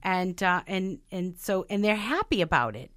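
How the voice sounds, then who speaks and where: A woman's voice: mid-range voice, lively intonation, normal speed, a bit bright. A woman chatting easily on a talk show, her voice sitting in the middle range. She works through points from a list and adds personal stories along the way. The sound is dry and close, with no room echo. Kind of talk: casual talk show chat.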